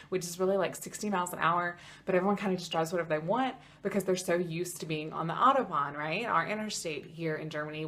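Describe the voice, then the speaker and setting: A young American woman telling a story in a casual vlog, chatty and animated, with lots of "like" in her speech. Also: on the low side. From United States. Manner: chatty, animated, heavy use of "like". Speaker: vlogger.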